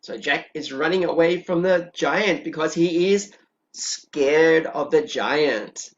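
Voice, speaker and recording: A kindergarten teacher patiently walks small children through a story and prompts them to repeat words. Her voice is low and she talks very slowly. The recording sounds dull and lo-fi.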